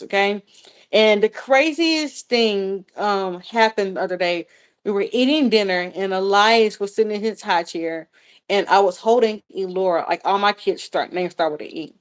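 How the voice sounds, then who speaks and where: In a smooth, medium-pitched voice, a thirtysomething woman vlogger answers questions from viewers during a casual live chat. She talks openly and chattily, swears often, leans on fillers, and rambles while repeating herself.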